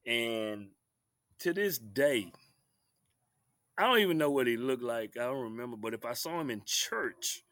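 A man, a basketball coach telling animated stories as an interview guest and acting out the referees. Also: mid-range voice, unhurried, long pauses, dry recording, studio quality. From Texas. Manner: lively storyteller acting out referees and himself. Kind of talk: animated storytelling.

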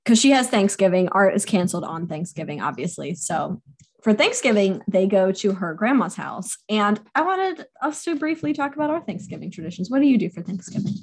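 A woman's voice: mid-range voice, animated, brisk, husky. A young woman co-hosting a podcast, chatting casually about a book and laughing often. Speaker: podcast co-host. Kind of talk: casual book-club chat.

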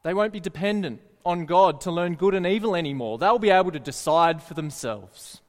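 A man preaching a sermon earnestly, often putting questions to his listeners. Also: sits high. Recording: echoey hall reverb.

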